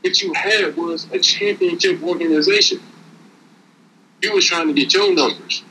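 A man talks in a casual, preachy, streetwise way, stacking repeated words as he drives home a lesson. His voice sits a bit high and rings bright and forward. A faint hiss runs underneath. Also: moderate pace, low-quality recording. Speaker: podcast co-host. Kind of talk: casual motivational talk.

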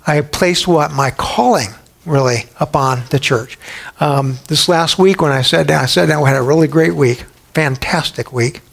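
A male pastor delivering a sermon with a slightly raised pitch. He presses his points with repeated rhetorical questions and an emphatic, urging delivery. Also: moderate pace, vocal fry, husky.

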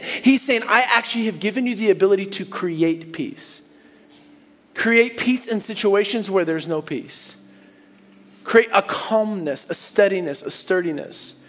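A man preaching a sermon as pastor in a church, animated, moving between hushed and loud, high tones when he imitates people. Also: moderate pace. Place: church sanctuary. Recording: long hall reverb.

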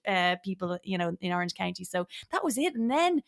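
Animated woman telling stories as a guest. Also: on the low side, brisk, gravelly, few pauses. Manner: animated storyteller, acts out voices, laughs often. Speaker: podcast guest. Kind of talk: casual chat.

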